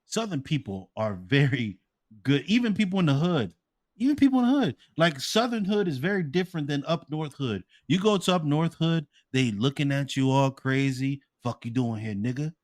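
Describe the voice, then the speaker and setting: Animated, profane man on a podcast. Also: on the high side, moderate pace. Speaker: podcast co-host. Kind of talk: casual podcast chat.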